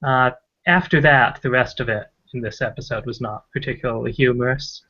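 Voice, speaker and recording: A man gives a measured opinion on a podcast, hedging and thinking aloud. He speaks at a middle pitch. The sound is dull and lo-fi. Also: pushed and bright. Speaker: podcast panelist. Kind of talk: casual chat.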